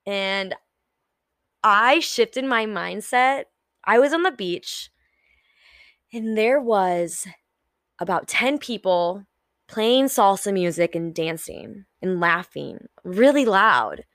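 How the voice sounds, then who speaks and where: A young woman talks through a solo motivational podcast at a slow, unhurried pace. Her voice sits in a middle register. She is candid and swears freely. The recording is dry and close, with no room sound. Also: medium pitch, animated, fairly bright tone, dry recording. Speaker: podcast host.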